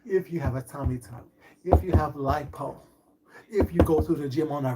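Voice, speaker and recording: A man's voice: fairly high pitch, normal speed, heavy background noise. A middle-aged man in a casual live-stream chat as a food vlogger, talking in a sassy, boastful, flamboyant way.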